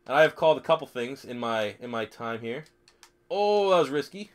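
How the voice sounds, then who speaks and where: A man's voice: medium pitch, lively intonation, brisk, clean tone. A young man live streaming a football video game, swearing freely, joking and reading chat questions aloud. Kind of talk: casual live stream commentary.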